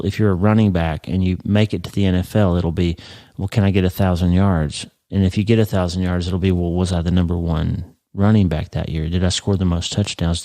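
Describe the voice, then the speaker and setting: A middle-aged man hosting a podcast, talking earnestly about happiness and acting out people's inner thoughts with rising excitement. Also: low voice, no room sound. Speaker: podcast host. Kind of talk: motivational podcast talk.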